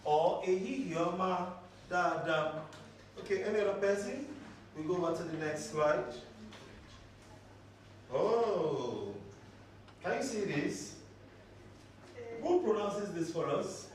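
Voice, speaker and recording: A man's voice: high-pitched, lively intonation, takes it slowly, long pauses, a little hiss or hum. A man teaching a children's language lesson, patiently drilling words through repetition and questions. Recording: very echoey room, voice from far off.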